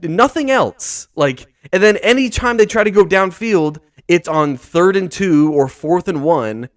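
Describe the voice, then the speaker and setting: A young man breaks down a football game in an exasperated, profanity-laced rant, circling back over the same complaints. His voice sits a little high and swings widely in pitch. The sound is close and dry, with no room around it. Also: animated, unhurried, no echo. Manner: profane, exasperated, repeats himself. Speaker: sports podcast host.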